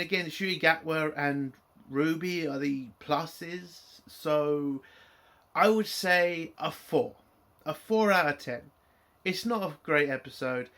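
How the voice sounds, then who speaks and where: Blunt, bright-voiced man reviewing. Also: a little high. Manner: blunt, opinionated, swears freely. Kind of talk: casual spoken review.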